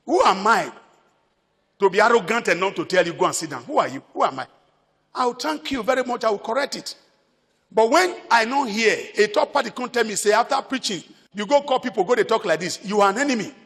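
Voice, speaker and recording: Emphatic Nigerian preacher, high and lively. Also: male voice, fairly quick, big-room sound. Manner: emphatic preaching, repeats phrases, mixes in Pidgin. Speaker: pastor. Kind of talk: sermon.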